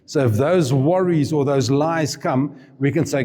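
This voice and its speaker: A man's voice: fairly high pitch, a little slow, warm tone. A man preaching a sermon, retelling a Bible story informally, with asides and chuckles. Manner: chatty and informal, with asides and laughs. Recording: reverberant hall.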